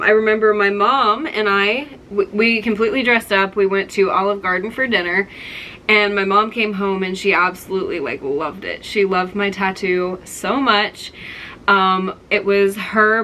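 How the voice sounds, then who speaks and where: Bright-voiced chatty young woman vlogger. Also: medium pitch, steady tone, moderate pace, a little hiss or hum. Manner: chatty, many fillers and likes. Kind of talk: casual story time.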